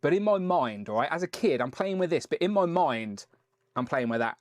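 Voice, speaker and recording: A man's voice: fairly high pitch, animated, moderate pace, no echo, clean studio sound. A man hosting a casual live stream, chatting and rambling as he reads out viewer messages.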